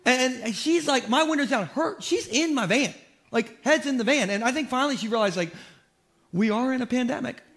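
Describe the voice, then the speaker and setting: A man preaching a sermon as pastor, telling comic, self-deprecating stories in an animated way. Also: very high voice, a little fast. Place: church.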